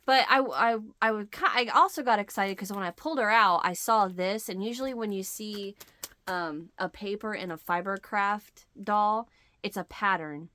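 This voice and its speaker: A woman's voice: medium pitch, normal speed, pushed and bright. A middle-aged woman hosting a crochet channel, chatting to the camera and telling a story, acting out the quoted lines. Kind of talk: casual chat to camera.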